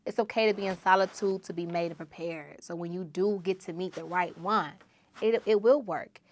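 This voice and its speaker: A woman hosting her own podcast, preaching emphatically and repeating phrases, moving between loud exhortation and low asides. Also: fairly even intonation, normal speed. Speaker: podcast host. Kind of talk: solo podcast monologue.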